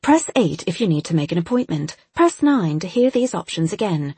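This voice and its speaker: A woman's voice: on the low side, very animated, normal speed, husky, no room sound, exaggerated voice. A woman voicing a cheerful automated phone menu message. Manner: bright recorded announcement.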